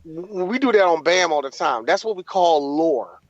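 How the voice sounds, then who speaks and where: A man's voice: fairly high pitch, lively intonation, normal speed, muffled recording, noisy background. A man co-hosting a podcast in casual banter, riffing in a rowdy, profane way. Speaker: podcast co-host.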